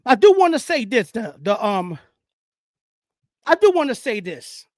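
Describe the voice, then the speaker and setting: Animated Bronx man ranting about sports. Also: very high-pitched, unhurried, dry recording, clean studio sound. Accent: New York (Bronx). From the Bronx, New York. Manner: animated, rambling, street slang, talks loud. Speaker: sports talk host. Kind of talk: casual live-stream sports talk.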